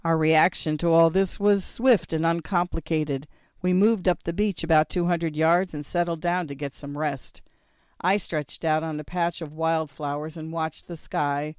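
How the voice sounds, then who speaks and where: A man's voice: on the high side, smooth, dry recording, clean studio sound. Man reading a dramatic story. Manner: vivid, relishing, theatrical. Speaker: narrator.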